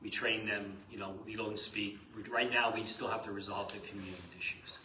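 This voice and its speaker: A man's voice: fairly low pitch, flat delivery, a little fast, pushed and bright, slight background noise. A man, a priest, teaching a parish class in a casual, chatty way, laughing often and telling stories. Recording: echoey room, live stream.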